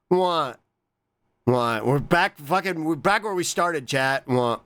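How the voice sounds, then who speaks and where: A streamer chatting casually with viewers while reacting to clips, playful and swearing, with sudden high squeaky exclamations. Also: sing-song, drawn-out words, pauses often, fairly bright tone. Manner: playful, swears casually, reads chat aloud and thanks viewers.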